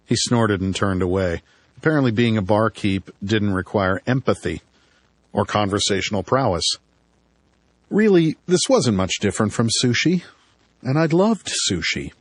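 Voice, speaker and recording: A man's voice: fairly low pitch, animated, normal speed, no echo. A man reading an audiobook in first person, with a dry, wry storytelling manner. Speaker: audiobook narrator.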